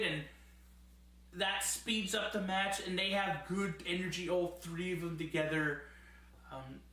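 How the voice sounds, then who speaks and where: A man's voice: fairly high pitch, bright, forceful tone. A man giving a casual, enthusiastic spoken review as a host, rambling at times and laughing often. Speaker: wrestling show reviewer. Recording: very echoey room.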